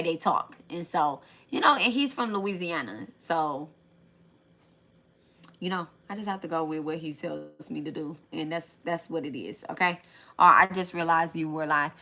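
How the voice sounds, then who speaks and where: A young adult woman talks through a live tarot stream in a loose, chatty way. Her voice sits a little low for a woman but has a bright, forceful edge. She keeps circling back and speaking directly to her viewers. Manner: chatty, repeats herself, talks straight to viewers. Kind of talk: casual live-stream chat.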